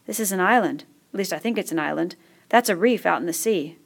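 A woman's voice: on the low side, fast, vocal fry. A woman voicing a fair-haired boy who answers in short, offhand lines. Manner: offhand, brief replies.

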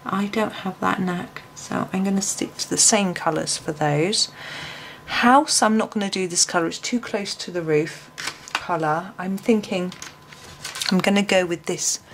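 A woman hosting a colouring tutorial, talking her choices through to herself in a relaxed, musing way with frequent ums. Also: lowish voice, vocal fry, a little hiss or hum. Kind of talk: relaxed voice-over tutorial, thinking aloud.

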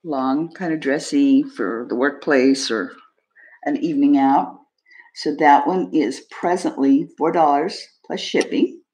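A woman hosting a live jewelry sale stream, describing pieces in a chatty, unhurried way and talking to viewers. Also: low voice, a little mellow. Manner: chatty, describes items slowly, friendly asides to viewers. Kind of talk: casual live-stream selling.

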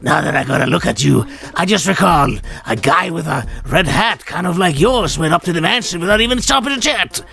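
A man voicing an excitable old male ghost professor in a wheezy, raspy, smoker-like voice, reading game dialogue aloud. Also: on the high side, full character voice. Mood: theatrical. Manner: drawn-out, theatrical old-man delivery.

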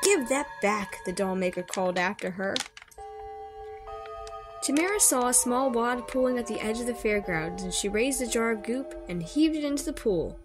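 Expressive woman reading aloud over music. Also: on the high side, normal speed. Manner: expressive, with small slips and rereads. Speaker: storybook reader. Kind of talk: reading a children's horror book aloud.

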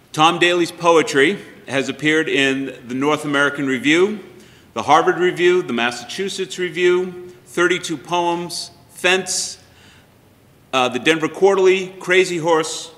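A man's voice: medium pitch, fairly bright tone. A man as emcee, giving instructions and reading poet bios, hesitant at first with fillers and restarts. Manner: hesitant, with many fillers and restarts, then reading a bio list. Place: library room with long reverb. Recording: reverberant hall.

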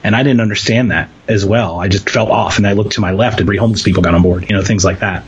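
Husky-voiced man telling a story. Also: lowish voice, fast talker, muffled recording. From Philadelphia. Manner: animated storyteller, acts out quotes. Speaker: interview guest. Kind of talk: storytelling in a casual interview.

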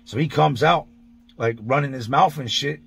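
Recounting events from prison in a casual monologue, a vlogger is blunt, profane and steeped in street slang as he describes everything step by step. His medium-pitched voice is gravelly yet fairly bright, at normal speed, with a little hiss or hum in the recording.

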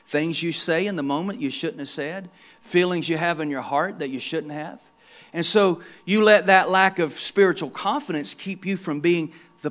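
Male pastor, high-pitched, storytelling sermon with emphatic bursts. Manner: storytelling, quoting others in his own voice; grows loud and emphatic in exhortation.

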